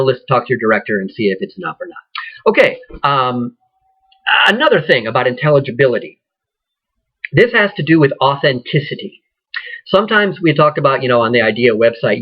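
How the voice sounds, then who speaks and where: A man teaching acting, speaking in a conversational, rambling way with many ums and restarts, his voice husky. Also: mid-range voice, animated, fairly quick, muffled recording. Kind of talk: informal lecture.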